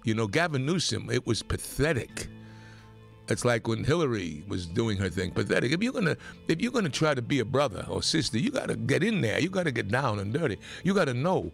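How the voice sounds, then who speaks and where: A man from New York hosting a talk radio show, delivering a rambling, opinionated monologue that gets more animated as he goes. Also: a little fast, gravelly, soft background music. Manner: animated, rambling, pitch climbs when worked up.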